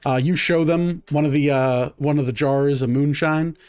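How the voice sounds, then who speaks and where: A man's voice: on the high side, fairly even intonation, normal speed, a little mellow, smooth, no room sound. A man, narrating a tabletop game as game master in a casual, rambling way with many fillers.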